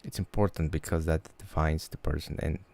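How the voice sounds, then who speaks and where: A man chatting casually on a livestream, halting and restarting his words often. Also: very deep voice, steady tone, vocal fry, a little mellow. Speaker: livestream host.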